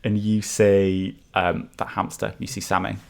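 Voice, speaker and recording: A man's voice: on the low side, level tone, measured pace, creaky. A man narrating as game master of a tabletop game, with hesitant, filler-heavy description.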